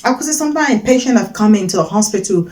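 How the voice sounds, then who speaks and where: A woman's voice: mid-range voice, animated, racing, darkish tone, rough recording. A woman giving an earnest faith-based teaching talk, repeating her points for emphasis and acting out short quoted voices. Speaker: Christian teacher giving advice.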